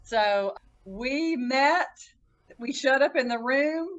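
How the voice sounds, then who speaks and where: High-voiced woman telling her story. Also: animated, dull audio. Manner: earnest, halting, with frequent restarts; acts out quoted voices with pitch jumps. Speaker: podcast guest. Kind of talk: casual personal storytelling.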